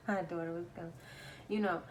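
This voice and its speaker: A woman's voice: lowish voice, recorded from a distance, noisy background. A woman casually telling her viewers a story, laughing often as she retells it. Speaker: vlogger.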